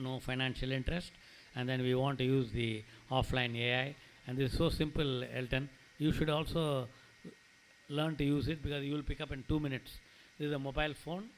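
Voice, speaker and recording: A man's voice: medium pitch, a little hiss or hum, rough recording. A middle-aged man with an Indian English accent, an eye doctor giving a loose, rambling talk to an audience at a clinic opening. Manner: rambling, conversational, stops to address people by name. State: emotional, near tears. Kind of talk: informal presentation to an audience. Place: event hall.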